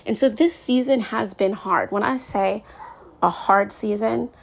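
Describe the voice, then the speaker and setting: A woman in her thirties talks straight to her listeners in a loose, unscripted podcast monologue. Her voice has a gravelly, fry-laden edge at an ordinary middle pitch. She vents openly and often laughs at her own frustrations. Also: measured pace. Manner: candid and venting, with frequent laughs. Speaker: podcast host.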